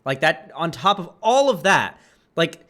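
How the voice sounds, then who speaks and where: A man's voice: on the high side, very animated, unhurried, sharp tone. A man from Florida giving casual reaction commentary over a video, rambling and chatty, full of asides and filler words. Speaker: reaction streamer.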